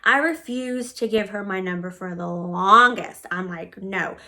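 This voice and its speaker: A woman's voice: medium pitch, measured pace, bright, forceful tone. A woman vlogger telling a personal story bluntly, swearing freely and saying "like" often. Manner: blunt, profane, with frequent "like" fillers. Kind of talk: storytime vlog.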